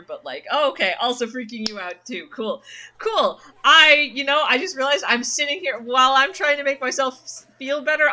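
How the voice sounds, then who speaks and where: A woman's voice: high voice, sharp tone. A woman streaming a game, chatting casually and thinking aloud from her dim room at night. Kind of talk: casual let's-play commentary.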